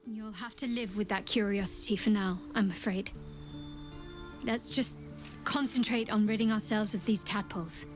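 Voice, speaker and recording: A secretive young cleric from a video game, voiced by an actress, guarded and dutiful. She speaks in a measured, wry way at a middling pitch and gives little away. She sounds firm whenever she talks of duty. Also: steady tone, music in the background, natural voice.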